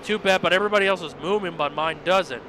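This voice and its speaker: A man giving chatty, rambling livestream commentary on his own racing game mod, with bursts of excited cheering. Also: high voice, quick pace, background noise. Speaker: game modder and streamer.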